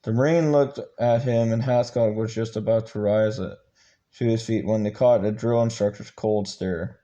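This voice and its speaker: A man's voice: on the low side, fairly even intonation, moderate pace, mellow, highs cut off. A man reading a book aloud, stumbling and restarting words often. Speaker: channel host reading a book.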